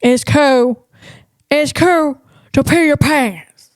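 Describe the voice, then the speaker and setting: A woman doing a slow, drawn-out impression of a goofy male comedian. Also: sits high, dry recording, clean studio sound.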